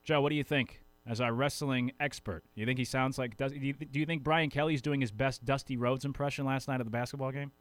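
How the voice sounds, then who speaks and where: A man's voice: mid-range voice, steady tone, fast talker, few pauses, no echo. Chatty male sports talk host. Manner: chatty, rambling, self-correcting.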